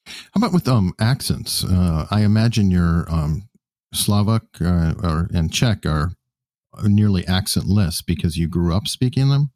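Low, lively-voiced male host. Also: unhurried, no echo, clean studio sound. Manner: curious, asks short questions. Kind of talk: interview questions.

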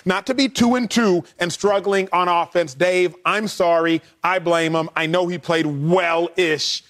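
A man's voice: high voice, fairly even intonation, measured pace, a bit bright. A man hosting a sports talk show, ranting emphatically with rhythmic repetition as he leads the debate.

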